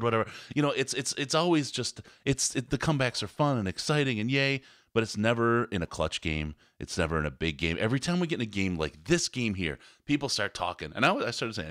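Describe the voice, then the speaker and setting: A man's voice: mid-range voice, sing-song, fairly quick, a bit bright, no room sound. A man hosts a postgame sports podcast, his voice swinging up and down as he vents with plenty of cursing. The sound is close and dry. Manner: angry, profane ranting. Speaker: podcast host. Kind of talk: heated postgame sports talk.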